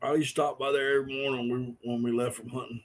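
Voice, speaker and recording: A man's voice: mid-range voice, little pitch movement, very fast. A middle-aged man, hosting a casual live stream and telling rambling stories to his viewers with frequent chuckles. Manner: rambling storyteller, chuckling often.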